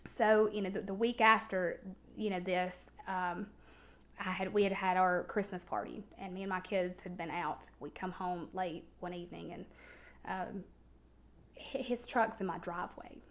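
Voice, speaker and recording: A woman telling a personal story as a podcast guest, often halting and repeating words as she goes. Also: on the low side, fairly even intonation.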